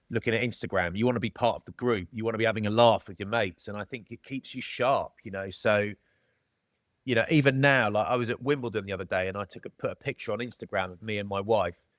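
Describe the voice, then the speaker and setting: A man's voice: on the low side, fast, a bit bright, dry recording, studio quality. A middle-aged Englishman with a jokey, matey manner, chatting casually as a podcast guest. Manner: jokey, matey, calls people mate. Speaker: podcast guest, former rugby player. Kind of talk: casual storytelling chat.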